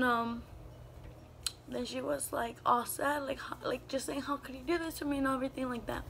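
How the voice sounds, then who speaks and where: A woman's voice: on the high side, fairly bright tone, a little hiss or hum. Hesitant young woman telling a story. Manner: halting, filler-heavy with many "like"s; subdued, emotional retelling. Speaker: vlogger. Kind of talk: storytime vlog.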